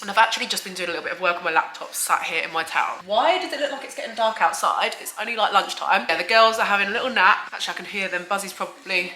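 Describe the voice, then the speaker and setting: Woman, bright clear tone, chatty, casual vlog talk, slightly bunged up. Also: medium pitch, rapid-fire, hardly any pauses, a little hiss or hum, poor audio. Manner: chatty and effusive, frequent "like" and "guys". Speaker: beauty vlogger. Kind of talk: casual vlog chat to camera. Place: at home, indoors.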